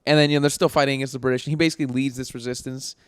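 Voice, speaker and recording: A young man co-hosting a podcast, retelling a story with animated, profane energy in casual chat. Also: medium pitch, very fast, clean tone, dry recording, studio quality. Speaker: podcast co-host.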